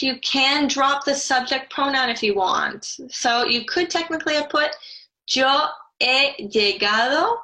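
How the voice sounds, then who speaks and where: Woman teacher, unhurried, careful step-by-step explanations for a recorded lesson. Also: high-pitched, pushed and bright, rough recording. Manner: slow, careful explanations with spelled-out letters. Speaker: Spanish teacher. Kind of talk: online grammar lesson.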